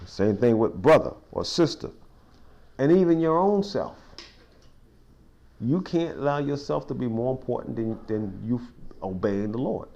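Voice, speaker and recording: A man's voice: mid-range voice, unhurried, vocal fry, muffled recording. A man leading an informal verse-by-verse Bible study in a small cafe, folksy and conversational, with frequent restarts and you-knows. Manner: informal, folksy, builds to excited sports stories.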